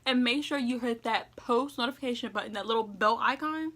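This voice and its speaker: A young woman talks straight to her viewers in a relaxed advice vlog. Her voice is bright and a little high. She rambles in a friendly way, peppering everything with fillers, and talks with food in her mouth. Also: fairly quick. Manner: chatty, heavy use of "like" and "you know what I'm saying"; eating while talking. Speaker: vlogger giving school advice.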